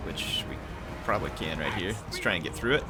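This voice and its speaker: A man with a lowish voice talks through a strategy battle, his pitch leaping around as he chats and cheers. Game music plays clearly behind him. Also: a little fast. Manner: excitable, chatty, cheering at big moments. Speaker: gameplay commentator. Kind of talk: let's-play commentary.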